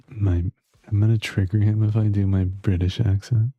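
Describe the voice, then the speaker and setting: A man's voice: lowish voice, little pitch movement, normal speed, warm tone, dry recording. A man streaming live, bantering jokingly with chat and muttering to himself while he plays.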